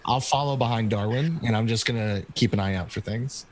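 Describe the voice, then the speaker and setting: A man's voice: mid-range voice, fairly quick, rough recording. A man playing in a tabletop game who speaks in a plain, matter-of-fact way. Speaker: player.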